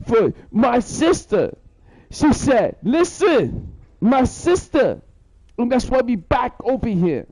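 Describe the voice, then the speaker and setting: A man's voice: extremely high pitch, sing-song, measured pace, darkish tone, no room sound. A man rambling through a profane, boastful story in a live-stream monologue, repeating himself as he goes.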